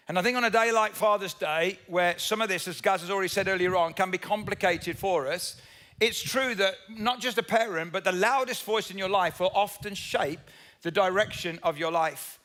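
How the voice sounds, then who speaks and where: Male pastor, high voice, chatty sermon delivery, quizzes the congregation, throws in humorous asides. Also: a bit bright. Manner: conversational, asks the audience questions; tells Bible stories with humorous asides.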